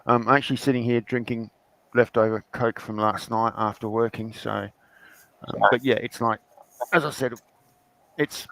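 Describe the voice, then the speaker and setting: A man's voice: mid-range voice, measured pace, gravelly, pauses often, no echo, poor audio. Man telling a story on a call. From Australia. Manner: animated storyteller acting out courtroom voices. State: tired after a night shift. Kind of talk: casual chat.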